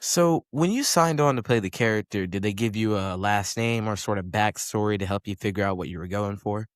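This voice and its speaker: A man's voice: lowish voice, brisk, dry recording, clean studio sound. A man co-hosting a podcast who asks brief, direct questions. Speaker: podcast co-host. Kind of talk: casual interview chat.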